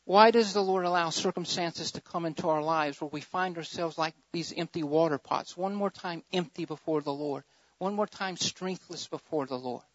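A pastor preaching a sermon, swinging between loud fervent surges and quieter emphatic stretches, repeating key phrases for emphasis. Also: male voice, on the high side, moderate pace, dry recording. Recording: dull lo-fi sermon recording.

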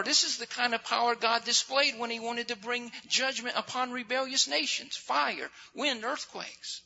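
A man delivers a fervent sermon in a strikingly high, gravelly voice with a piercingly bright edge. He slows down and repeats phrases to drive each point home. The recording sounds dull and lo-fi, with faint noise underneath. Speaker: preacher.

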